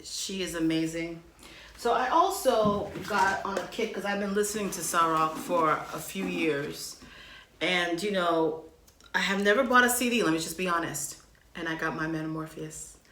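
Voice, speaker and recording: A woman massage therapist hosting her own channel, gushing with excitement through a casual unboxing vlog full of slang. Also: fairly low pitch, normal speed, reverberant, slight background noise.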